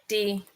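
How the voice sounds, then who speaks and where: A woman on a casual live stream, reading quiz questions aloud and arguing with the answers, and now and then talking softly to her bird. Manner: chatty, reads questions then argues with the answers. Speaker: falconer streamer.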